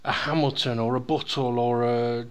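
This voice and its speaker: A man's voice: mid-range voice, steady tone, moderate pace, clear, resonant tone. A man hosting a casual podcast chat, rambling and sweary, with jokes. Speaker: podcast host.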